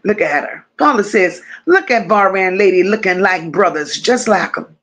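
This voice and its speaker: At a moderate pace, this livestream host speaks in an animated, mid-range, slightly bright voice. She keeps things casual, greeting viewers one by one with affection and voicing their comments aloud.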